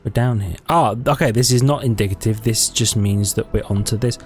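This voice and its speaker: A man's voice: on the low side, brisk, slightly rough, faint music behind. A man giving casual let's-play commentary, thinking aloud in a chatty way and correcting himself as he goes. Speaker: gaming YouTuber.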